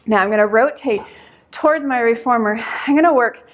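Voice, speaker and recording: Woman Pilates instructor, fairly high voice, out of breath, counting reps aloud, sighs between counts. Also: a little fast, dull audio. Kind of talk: workout instruction while exercising.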